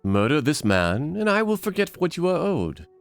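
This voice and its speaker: A man voicing a smooth-talking male con man posing as a nobleman, with a theatrical fake foreign accent and courtly manner. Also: on the high side, huge pitch swings, normal speed, soft background music, pitched above the performer's own voice, exaggerated voice. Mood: conspiratorial.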